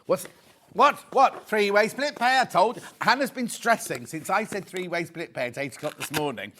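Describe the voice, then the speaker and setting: Presenting live TV shopping at a moderate pace, a British man with a high-sitting voice sounds chatty and excitable over slight background noise. He keeps repeating prices and banters with the crew.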